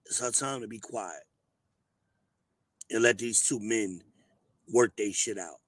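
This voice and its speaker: A hoarse man, hosting an advice show and talking bluntly and emphatically. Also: fairly low pitch, slow pace, fairly bright tone. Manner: emphatic, preachy, blunt with cursing. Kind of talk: casual advice monologue.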